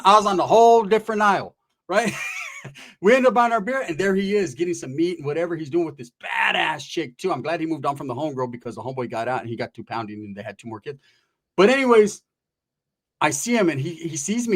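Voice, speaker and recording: A man with a slightly high voice tells a street story in loose, slangy casual talk. He acts out the lines of the people in it and jumps around in pitch as he goes. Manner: animated, slangy, acts out quotes of others.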